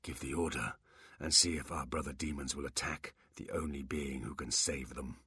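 A man voicing an ageless warlock demon who talks slowly and quietly, at times in a whisper, sounding bored and superior. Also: extremely low pitch, steady tone, breathy edge, no room sound, heavily acted. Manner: slow, patient, bored.

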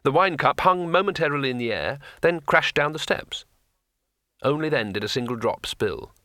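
Bright-voiced male storyteller. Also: on the high side, animated, normal speed, no room sound, clean studio sound. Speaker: narrator. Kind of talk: audiobook reading.

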